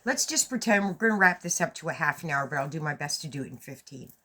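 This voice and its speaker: A woman vlogger telling a story to her viewers in a casual, animated way, swearing as she goes. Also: fast talker. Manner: animated, swearing, rises high when retelling her own lines.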